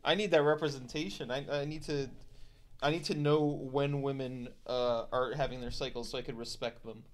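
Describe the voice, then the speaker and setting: A man's voice: medium pitch, steady tone. A man co-hosting a stream, making sarcastic, profane jabs at a book being read. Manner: sarcastic, swears, quick jabs. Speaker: co-host. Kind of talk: casual joking commentary.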